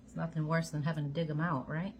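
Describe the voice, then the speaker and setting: Low-voiced woman chatting while cooking. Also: little pitch movement, fast talker, a little hiss or hum. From Georgia, USA. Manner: chatty, folksy, talks to viewers as friends. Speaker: home cooking vlogger. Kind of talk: casual chatty cooking video. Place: home kitchen.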